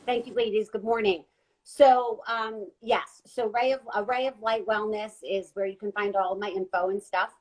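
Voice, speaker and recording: A woman guest giving an earnest, gentle spiritual talk during a live online chat. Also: mid-range voice, fairly even intonation, moderate pace, rough recording. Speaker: guest intuitive reader. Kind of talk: casual live-stream talk.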